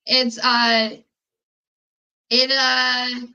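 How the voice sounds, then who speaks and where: Bright-voiced young woman with a Chicago accent. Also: fairly high pitch, steady tone, slow pace, poor audio. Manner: chatty and rambling, with many fillers and restarts. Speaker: podcast host running a quiz. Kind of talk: casual chat.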